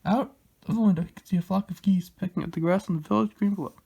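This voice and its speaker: A man reading a children's storybook aloud in a plain, unhurried manner, halting now and then. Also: high voice, gravelly, mellow, husky. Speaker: reader.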